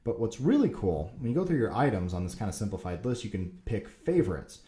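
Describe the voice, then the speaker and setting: A man with a low, mellow voice hosts a casual question-and-answer show, rambling enthusiastically through viewer questions. His talk is loose and full of fillers. The recording has a roomy echo. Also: sing-song, a little fast. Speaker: Q&A show host.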